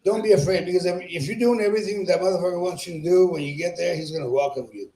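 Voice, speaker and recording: A man's voice: high voice, racing, mellow. A man doing crude, profane stand-up comedy, teasing the crowd and laughing at his own jokes. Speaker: stand-up comedian at an open mic. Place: small comedy club. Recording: echoey club room.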